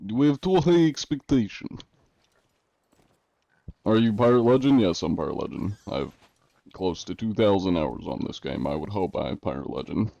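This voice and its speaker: A man with a low, mellow voice chats casually on a live stream, answering his viewers with dry jokes. The sound is very dry, with no room echo. The audio is slightly dull, like lo-fi stream audio. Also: animated, fairly quick, gravelly. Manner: dry, joking, answers chat. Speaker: game streamer.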